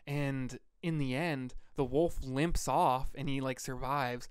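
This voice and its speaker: A man from Vermont co-hosting a podcast, telling stories in a rambling, relaxed way with lots of fillers. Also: mid-range voice, takes it slowly, clean tone, dry recording, clean studio sound. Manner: rambling, laid-back storyteller with fillers. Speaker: podcast co-host. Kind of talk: casual storytelling chat.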